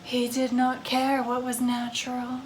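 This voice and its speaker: A woman voicing a melancholy, elegant female vampire ghost who speaks softly, slowly and solemnly. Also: high-pitched, monotone, a little hiss or hum. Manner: soft, slow, solemn.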